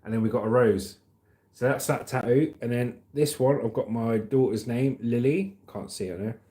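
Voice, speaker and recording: A man's voice: medium pitch, normal speed, dark tone. A middle-aged man with an English accent, chatting casually as a livestream host and reading out comments with a joking manner. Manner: jokey, chatty, laughs often. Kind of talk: casual chat.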